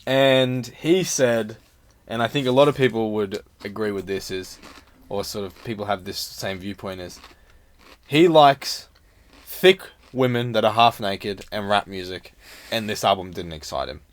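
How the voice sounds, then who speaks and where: A man hosting a podcast in casual chat, talkative and quick to laugh. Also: lowish voice. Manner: chatty, laughs easily, many fillers. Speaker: podcast host.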